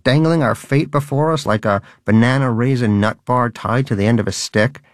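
A man's voice: mid-range voice, moderate pace, dry recording, studio quality, natural voice. A man doing a smug, sarcastic pet hamster. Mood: scornful. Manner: mocking, scornful.

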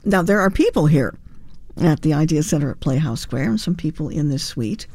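A woman's voice: deep voice, expressive, fairly quick, no echo. A woman hosting a morning classical music radio show, telling a chatty anecdote with light humor. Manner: warm conversational storytelling with light humor. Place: radio studio. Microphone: studio microphone.

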